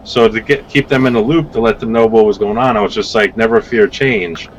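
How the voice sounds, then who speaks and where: A man on a podcast as a guest vape reviewer, rambling through casual stories with lively acted-out quotes and some swearing. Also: on the low side, a little fast, dull audio, a little hiss or hum. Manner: rambling, animated storytelling with swearing.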